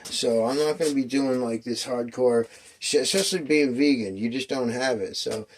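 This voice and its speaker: A man's voice: mid-range voice, moderate pace, slight background noise. A man in his fifties telling a long personal story in a rambling, profane way, acting out what people said. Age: 50s. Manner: profane, restless, storytelling with acted quotes.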